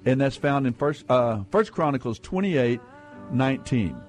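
A man's voice: medium pitch, moderate pace, soft background music. Laid-back guy hosting a call-in radio quiz, chatty, lots of uhs. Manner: relaxed, chatty, with fillers and chuckles. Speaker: radio quiz show host. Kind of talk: casual radio call-in talk.

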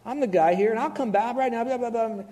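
A preacher playing a cocky cheating husband. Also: male voice, extremely high pitch, fast, mellow, voice pushed up. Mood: brash. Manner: brash, dismissive.

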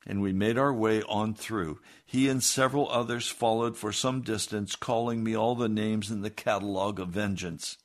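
A man's voice: fairly low pitch, fairly even intonation, moderate pace, hardly any pauses. A man reading a first-person story aloud in a plain, earnest way. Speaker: narrator.

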